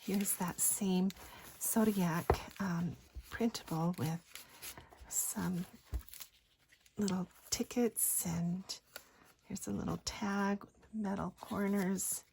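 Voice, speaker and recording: A woman narrating a craft journal flip-through in a gentle voice that often drops into a breathy whisper. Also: mid-range voice, fairly even intonation, slow pace, long pauses. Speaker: craft designer showing a journal. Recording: faint background noise.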